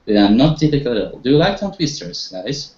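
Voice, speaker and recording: A man's voice: medium pitch, sing-song, quick pace, darkish tone. A man teaching an online group English lesson, encouraging his students and leading them with questions, with some hesitations. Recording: echoey, dull online-call audio.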